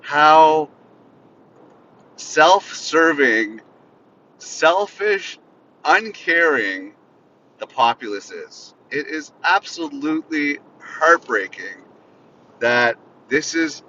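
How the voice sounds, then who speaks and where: A podcast host sits in his car and bitterly vents in an unscripted, profane solo rant. His voice has lively intonation and a sharp tone, and he speaks very slowly with frequent pauses. The audio is slightly muffled, with a faint rumble from the vehicle.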